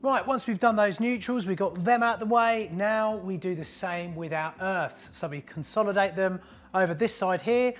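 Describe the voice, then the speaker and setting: A man's voice: high-pitched, moderate pace, over music. A man hosting a plumbing tutorial, talking in an upbeat, chatty, matey way while showing his work. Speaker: plumber host. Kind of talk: casual how-to tutorial.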